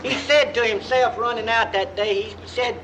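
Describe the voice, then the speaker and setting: High-voiced East Texas storyteller man. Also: steady tone, moderate pace, fairly bright tone, slight background noise. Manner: drawling folksy yarn-spinner, slips into quoted voices. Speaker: storytelling comedian. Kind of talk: live comic storytelling.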